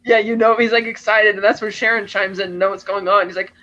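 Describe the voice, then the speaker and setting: A man's voice: sits high, steady tone, fast, bright, forceful tone, muffled recording. A man co-hosting a podcast, animatedly retelling film scenes step by step and acting out the lines. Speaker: podcast co-host. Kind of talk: casual film discussion.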